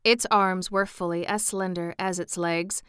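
A woman narrating a classic storybook in an even, measured reading. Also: on the low side, clean tone, no room sound, clean studio sound.

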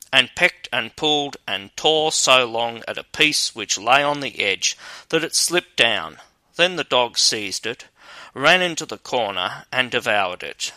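A man narrating a fairy tale in a steady, measured storytelling manner. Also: mid-range voice, no echo, rough recording.

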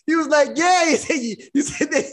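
Podcast dude with a highish voice, laughing, swearing, telling his side of the night. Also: steady tone, moderate pace. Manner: laughing, loose, profane storyteller. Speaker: podcast co-host. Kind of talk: casual storytelling chat.

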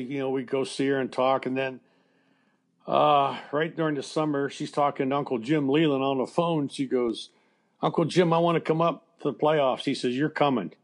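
An older man, a former baseball coach, telling a personal story in an interview in a plainspoken, conversational way with fillers and restarts. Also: medium pitch. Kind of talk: emotional storytelling in a podcast interview.

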